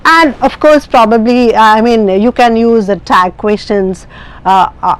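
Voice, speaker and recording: A woman speaking with an Indian English accent gives an explanatory classroom lecture on IELTS speaking, full of fillers and restarts. She talks a little slowly in a fairly high voice, on a rough recording.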